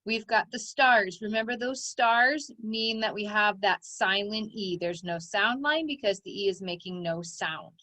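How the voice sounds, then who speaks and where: Bright upbeat woman teaching phonics. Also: medium pitch, unhurried, few pauses, no room sound, rough recording. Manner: encouraging, step-by-step instruction to children. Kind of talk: recorded online phonics lesson.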